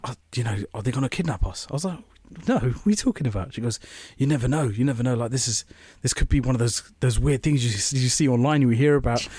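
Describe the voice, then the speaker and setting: A man's voice: medium pitch, fast talker, hardly any pauses, darkish tone, slightly rough, no room sound. A young man co-hosting a podcast, rambling through an anecdote and acting out quoted voices. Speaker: podcast co-host. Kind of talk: casual storytelling chat.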